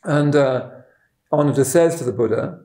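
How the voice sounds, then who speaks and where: A middle-aged man, a Buddhist teacher telling a story in a dharma talk, halting and repeating words, chuckling at his own stories. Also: mid-range voice, mellow. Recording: roomy echoing room.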